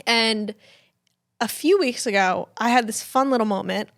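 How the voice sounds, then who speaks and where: A woman's voice: fairly high pitch, normal speed, gravelly. A young woman from Georgia co-hosting a casual family podcast, telling stories with frequent laughs. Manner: chatty storyteller, laughs often, quotes people in lively voices. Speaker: podcast co-host.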